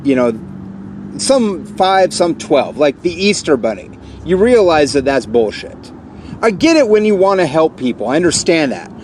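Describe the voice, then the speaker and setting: A man in his forties ranting angrily to camera, repeating accusations and working himself up into shouted outbursts. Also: on the high side, big pitch swings, normal speed, a little hiss or hum. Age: 40s. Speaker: vlogger. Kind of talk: angry rant to camera.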